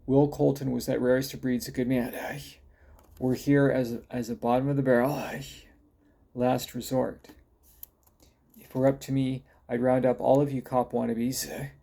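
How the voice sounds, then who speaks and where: A man's voice: medium pitch, gravelly, mellow, lightly acted. Man putting on a shrieking bitter woman veteran. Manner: barking, hostile outbursts.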